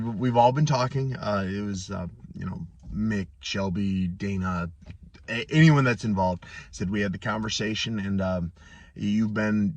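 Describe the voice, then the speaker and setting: A man in his thirties, a pro fighter, telling a story casually to his viewers, halting with restarts and fillers. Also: fairly low pitch, no echo, far from the mic. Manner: halting, many restarts and fillers, excitable when telling good news.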